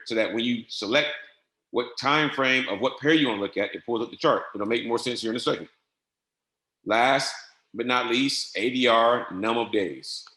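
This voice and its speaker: A man teaching a software setup on a screen-share webinar, dictating settings step by step in a patient, repetitive way. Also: mid-range voice. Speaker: trading software instructor. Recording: echoey room.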